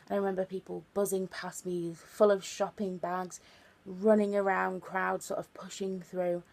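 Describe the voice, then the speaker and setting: A woman's voice: mid-range voice, level tone, normal speed, creaky, darkish tone. A woman of twenty telling a chatty, earnest story for her vlog, full of fillers and repeated words. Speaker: vlogger.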